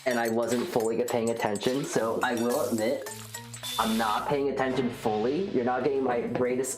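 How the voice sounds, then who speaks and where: Deep-voiced lady streaming and yapping at chat, makes fun of herself, echoey room. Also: fairly even intonation, moderate pace, faint music behind. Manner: rambling, self-mocking, reacts to chat. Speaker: livestreamer. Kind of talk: casual livestream chat. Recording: roomy echo.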